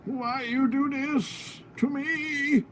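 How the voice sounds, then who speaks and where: A man's voice: fairly even intonation, noisy background, exaggerated voice. A man putting on a whiny, grumbling old man. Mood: whiny complaining. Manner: high, drawn-out complaining whine.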